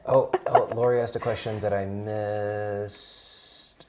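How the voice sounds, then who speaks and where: A man's voice: fairly low pitch, little pitch movement, slow, darkish tone, a little hiss or hum. A man acting as co-host and tech support on a live show, bantering casually, teasing the host and playfully repeating words.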